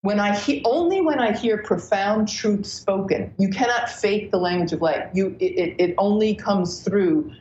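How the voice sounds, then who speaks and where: A woman astrologer as a podcast guest, telling stories in an animated, breathless way with many restarts. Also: mid-range voice, normal speed, few pauses, a little hiss or hum. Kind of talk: casual podcast interview. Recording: roomy, dull lo-fi sound.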